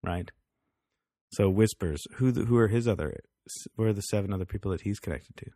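Talking fairly quickly in a warm, lowish voice, a man co-hosts a podcast and chats about a TV show in a relaxed way. He laughs a lot and voices the characters' lines. The sound is clean studio audio with no echo.

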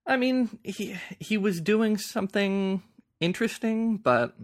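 A man's voice: sits high, animated, unhurried. A man co-hosting a podcast, talking about films thoughtfully and stammering as he starts his sentences. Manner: stammers on openings, thoughtful and explanatory. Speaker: podcast co-host. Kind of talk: casual film chat.

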